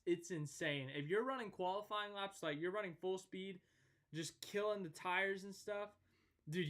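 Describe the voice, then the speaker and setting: A man's voice: fairly high pitch, fairly bright tone. A young man hosting a live stream, chatting casually and rambling while he greets viewers and answers their comments.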